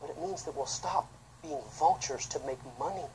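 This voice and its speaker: A man, a pastor, preaching an impassioned sermon that swings between loud outbursts and quiet, low asides. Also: normal speed, a little hiss or hum, rough recording. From United States.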